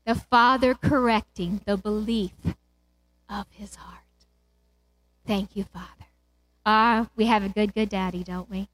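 A woman's voice: mid-range voice, fairly even intonation, takes it slowly, pauses often. A middle-aged woman preaching a sermon, retelling a parable with impassioned swells and cries of praise.

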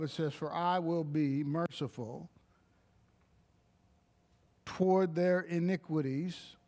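A male preacher delivers a sermon at a deliberate, unhurried pace. His voice sits a little high, and he leans hard on key words, dropping in short exclamations of praise between points. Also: a little mellow. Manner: slow, emphatic, with interjections of praise.

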